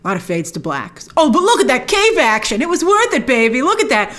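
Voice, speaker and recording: A woman hosts a film trailer review show, casually breaking down a trailer with enthusiastic, playful asides. Her high voice is very animated, brisk, and a bit bright.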